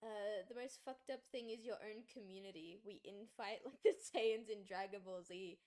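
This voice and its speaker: A woman's voice: medium pitch, normal speed, a little mellow. A woman streaming a game, chatting casually with her chat and laughing often. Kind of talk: casual chat while gaming.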